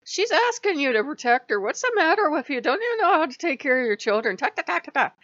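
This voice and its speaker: A woman doing nagging high-pitched Irish spirits. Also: very animated, sharp tone, no room sound, muffled recording, heavily acted. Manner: nagging, rapid scolding. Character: group of scolding Irish spirits.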